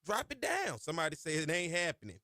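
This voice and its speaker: Animated radio sports host. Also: male voice, fast, dry recording, clean studio sound. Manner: animated, rising loud and high when hyping a point; folksy Southern slang, chatty asides to his producer. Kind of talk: casual sports talk radio monologue. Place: radio studio. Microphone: studio microphone.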